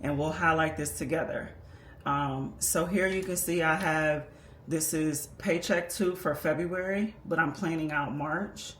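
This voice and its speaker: A woman's voice: deep voice, unhurried, fairly bright tone. A woman walking viewers patiently and methodically through a budgeting tutorial, explaining as she works on paper. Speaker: personal finance creator. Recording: echoey room with faint background noise.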